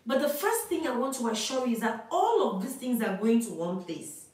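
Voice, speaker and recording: A woman's voice: on the high side, very animated, moderate pace, a little mellow, very echoey, distant mic, low-quality recording. A woman preacher giving prophecy in a live prayer session, declaring, repeating phrases and praying over callers.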